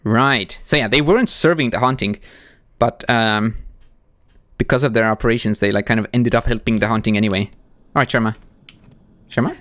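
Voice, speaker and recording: A man's voice: medium pitch, a little fast, dry recording. A man doing live gameplay commentary as a streamer, talking back to the game's characters. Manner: animated, talks to the game characters.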